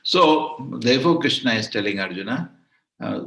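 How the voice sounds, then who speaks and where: A man's voice: on the low side, moderate pace, creaky, fairly bright tone. A man teaching a devotional scripture class, speaking emphatically and repeating phrases for stress over an online call. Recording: roomy echo.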